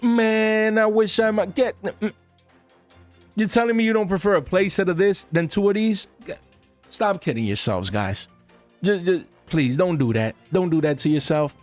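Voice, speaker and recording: A man giving casual, animated commentary on the card market to his viewers, full of slang and asides to "guys". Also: sits high, moderate pace, dry recording, soft background music.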